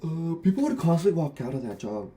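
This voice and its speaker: A man's voice: fairly high pitch, big pitch swings, a little fast, dark tone. Sassy, blunt young man ranting. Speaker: former retail cosmetics worker. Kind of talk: candid rant to camera.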